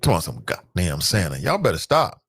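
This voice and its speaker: A man's voice: very animated, normal speed, a bit bright, slightly rough, no echo. A man hosting a talk show, delivering an emphatic, preachy monologue straight to his listeners. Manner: loose and streetwise, with swings in pitch.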